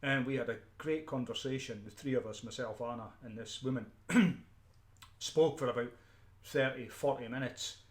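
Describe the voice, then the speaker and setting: A man's voice: medium pitch, moderate pace. Ranting Scottish man in an echoey room. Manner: emphatic, repeats himself, frequent restarts and throat-clearing. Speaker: street preacher. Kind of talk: unscripted ranting monologue.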